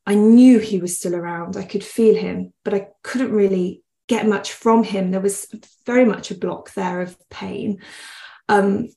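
An earnest woman talks as a podcast guest, wandering from thought to thought and breaking into laughter often. Her voice sits at an ordinary middle pitch for a woman. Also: measured pace, gravelly, dark tone. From West Midlands, England. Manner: earnest, rambling with frequent laughs. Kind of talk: conversational podcast interview.

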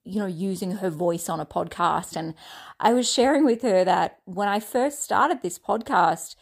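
A woman's voice: medium pitch, moderate pace, vocal fry, slightly rough. A woman in her thirties with an Australian accent, hosting a solo podcast in a chatty, enthusiastic way with frequent fillers and restarts. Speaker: podcast host. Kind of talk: casual solo podcast talk.

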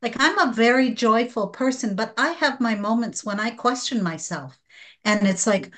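A woman guest speaking slowly and earnestly about angelic healing, at times emotional. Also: on the high side, lively intonation, a bit bright. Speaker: guest practitioner. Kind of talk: spiritual podcast conversation.

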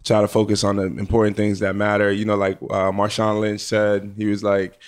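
A man's voice: lowish voice, monotone, brisk. A man in his twenties, a pro football player guest, talking thoughtfully with many fillers. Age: 20s. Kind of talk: casual interview.

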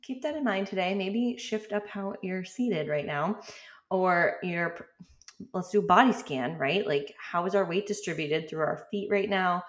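A woman's voice: lowish voice, measured pace. A woman in her thirties hosting a podcast, talking casually and chattily with frequent fillers and light laughs. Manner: chatty, relaxed, lots of "like" and laughs. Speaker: podcast host. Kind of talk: casual solo podcast talk.

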